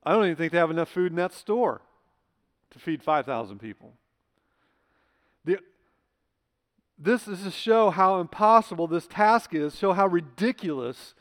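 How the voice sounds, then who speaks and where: A man's voice: high-pitched, expressive, moderate pace, long pauses. A man pastor preaching a sermon in a church, emphatic and conversational, asking his listeners rhetorical questions. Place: church sanctuary. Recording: long church hall reverb.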